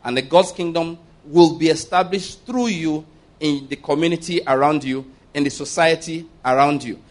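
Emphatic man preaching, fairly high voice. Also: moderate pace. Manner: emphatic, asks the congregation for amens, laughs mid-point. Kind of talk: sermon.

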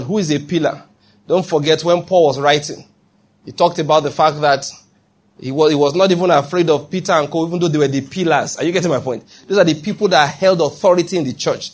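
This male pastor preaches animatedly and fairly quickly, his voice husky and fairly high. He moves from forceful delivery to playful acted-out voices and keeps asking the congregation if they follow.

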